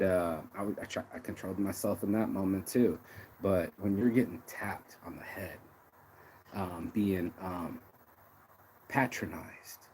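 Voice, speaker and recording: A man's voice: low voice, creaky, a little mellow, a little hiss or hum, rough recording. A man hosting and reacting to a clip with blunt, sarcastic, profane commentary. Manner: blunt, sarcastic, swears freely.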